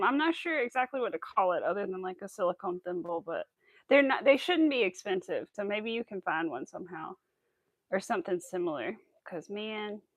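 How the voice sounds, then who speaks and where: A woman hosting a casual crochet livestream, chatting to her viewers as she works and cooing at her cat in a high baby voice. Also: dry recording. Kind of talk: casual chat while crocheting.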